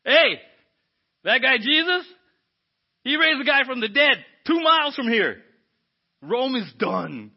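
A man preaching acts out an excited ancient crowd member, shouting eagerly. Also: very high-pitched, slow, gravelly, pauses often, slightly rough, lo-fi sound, pitched above the performer's own voice, exaggerated voice.

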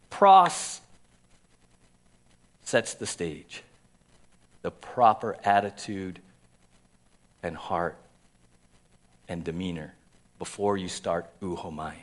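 Pastor swinging from hushed to fired-up. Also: male voice, lowish voice, slow, long pauses. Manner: swings between quiet reflective passages and loud excited teaching; conversational, with repeated checks like "right?" and "okay?". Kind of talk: sermon.

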